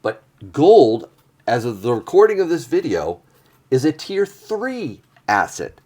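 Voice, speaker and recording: An older man hosting a chat about gold, talking in a lively, animated way. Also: medium pitch, unhurried. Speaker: channel host. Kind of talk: casual chat and commentary.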